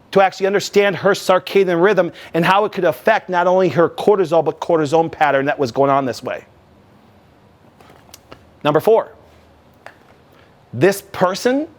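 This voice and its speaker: A man hosting a health talk, emphatic and animated, acting out quoted remarks as he explains. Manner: emphatic, with wide swings in pitch and loudness; acts out his own and others' quoted remarks. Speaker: wellness doctor and show host.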